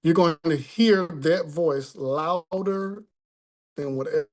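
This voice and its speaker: A man's voice: a little high, slow pace. A man teaching a spiritual class in a conversational tone, often checking in with the listeners.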